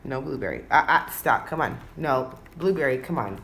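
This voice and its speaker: A woman's voice: extremely low pitch, animated, moderate pace, vocal fry, fairly bright tone. A woman coaxing her pet bird at home in a cooing baby-talk voice, with casual swearing, in a noisy home recording. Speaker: pet video host.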